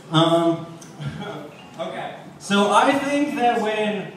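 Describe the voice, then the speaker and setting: A man's voice: high voice, lively intonation, drawn-out words, pauses often, a crowd in the background. A man doing a stand-up set at a bar, rambling and swearing, with self-deprecating asides. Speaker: stand-up comic. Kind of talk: stand-up set at an open mic. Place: bar stage before a live audience. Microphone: handheld stage microphone, caught by a distant camera. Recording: echoey bar room from far off.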